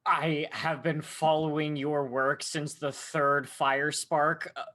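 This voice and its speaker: A woman's voice: sits low, level tone, slow, fairly bright tone. A woman voicing an eager, fawning young man who admires a famous train enthusiast, in a tabletop game. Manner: earnest, fawning.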